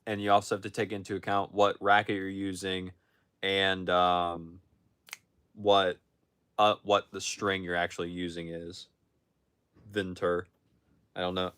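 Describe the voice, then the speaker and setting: A young man livestreams from his phone, casually answering viewer questions in a low, fairly bright, clear and resonant voice. He frequently restarts and corrects himself.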